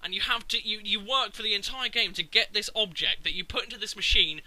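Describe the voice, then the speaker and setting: A man's voice: high-pitched, brisk, bright, forceful tone, no echo, rough recording. A man, ranting casually and profanely about a video game. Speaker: gaming video maker. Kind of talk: casual rant.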